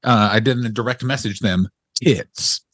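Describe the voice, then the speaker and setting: A man's voice: medium pitch, expressive, brisk, dry recording. Playfully opinionated man, dry sound. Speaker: podcast co-host. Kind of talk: casual comedic podcast banter.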